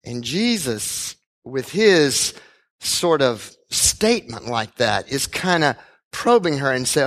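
A male pastor preaches a sermon in a fairly high voice, speaking slowly and deliberately. He retells a scripture story in a lively way and slips in and out of the characters' voices. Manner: animated storytelling, acting out the characters.

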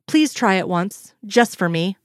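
A woman voicing a playful, energetic female agent who coaxes and teases in a sing-song way, in an audiobook reading. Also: medium pitch, normal speed, no room sound, studio quality, close to an everyday voice. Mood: coaxing. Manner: coaxing, sing-song teasing.

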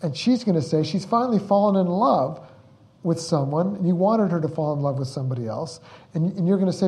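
Brief: male director at a Q&A, slightly high, mellow voice, rambles through his stories and acts out the quotes. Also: expressive, a little fast. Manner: rambling, repeats words, acts out the quotes he tells. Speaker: film director speaking at a Q&A. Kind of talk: anecdotal storytelling at a Q&A.

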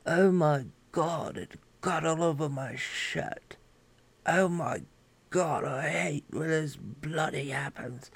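A man putting on the voice of a fussy, prim older British gentleman grumbling in exasperation. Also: a little high, slow, gravelly, breathy edge, no room sound, heavily acted. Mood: exasperated.

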